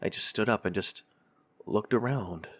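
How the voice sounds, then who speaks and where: On a horror podcast, a man with a fairly low, slightly bright voice slowly and deliberately narrates a frightening tale told in the first person.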